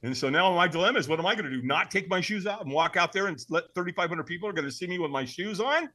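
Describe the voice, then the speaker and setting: A middle-aged man telling his story as a guest in an interview. His voice is bright and forceful, and he swings his pitch widely. He speaks with emphatic, animated energy. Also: fast. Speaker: podcast guest.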